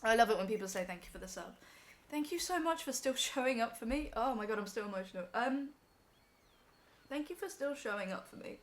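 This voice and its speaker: A woman's voice: fairly high pitch, lively intonation, brisk. A young woman on a live stream, emotional and teary as she talks to her chat from home.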